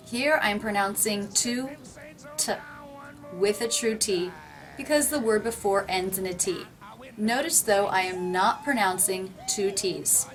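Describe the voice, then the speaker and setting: A woman teaching pronunciation, clearly and deliberately repeating example phrases. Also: mid-range voice, animated, faint music behind. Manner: clear, deliberate, over-enunciated demonstrations.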